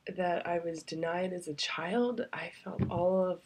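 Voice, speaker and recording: A woman's voice: lowish voice, unhurried, darkish tone, breathy edge. A woman vlogger telling a personal story to the camera, heartfelt and confiding, with loose rambling phrasing that sometimes sinks to a near-whisper. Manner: loose, rambling, with many fillers. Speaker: travel vlogger.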